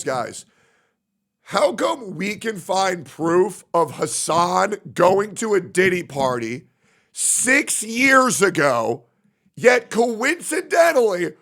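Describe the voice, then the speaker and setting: High, gravelly streamer ranting. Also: male voice, fairly bright tone. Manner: profane, sarcastic, acts out mocking impressions. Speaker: livestreamer. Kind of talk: livestream rant.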